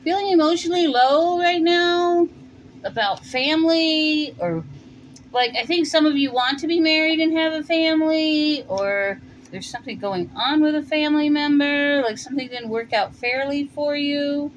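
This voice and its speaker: A woman with a New York accent reads tarot cards in a loose, chatty way, her voice sitting a little high. She thinks out loud and pauses with fillers. A faint hum of noise runs underneath. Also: muffled recording. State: warm and winded after shoveling. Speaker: tarot reader. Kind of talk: casual tarot reading. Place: home in Colorado.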